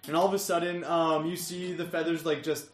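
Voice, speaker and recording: Game master man, slightly high, casual narration broken by laughs, echoey room, soft music. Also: flat delivery, brisk. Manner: laughing often while narrating.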